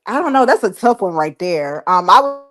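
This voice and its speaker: Southern woman lawyer guest, easygoing and rambling, middle pitch. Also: expressive, fairly quick, a bit bright, faint music behind. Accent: Southern US, Alabama. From Alabama. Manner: thoughtful, rambling, many fillers and laughs. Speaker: bankruptcy lawyer guest on a panel. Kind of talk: casual call-in chat.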